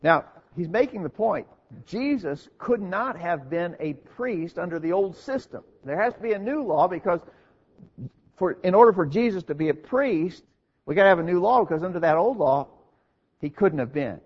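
A man preaches a sermon in an earnest, teaching manner, posing questions and answering them himself. His voice is husky and a little high for a man. The recording sounds dull and lo-fi. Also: animated, moderate pace.

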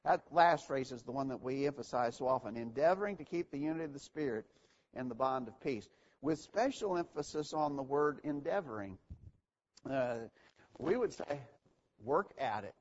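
A man's voice: medium pitch, lively intonation, normal speed. A man teaching an evening Bible lesson to a church, earnest and repeating key phrases for emphasis. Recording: dull lo-fi recording.

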